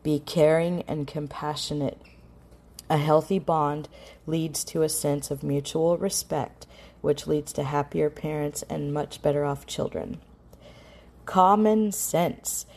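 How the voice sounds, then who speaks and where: Low, mellow-voiced woman teaching parents. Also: level tone, a little slow. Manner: earnest, direct advice with frequent restarts. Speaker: parenting educator. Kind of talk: instructional talk.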